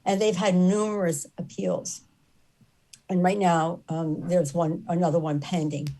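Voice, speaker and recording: A woman's voice: fairly low pitch, steady tone, a little slow, dark tone, poor audio. A woman giving an earnest, impassioned spoken account, repeating phrases for emphasis. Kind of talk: earnest storytelling talk.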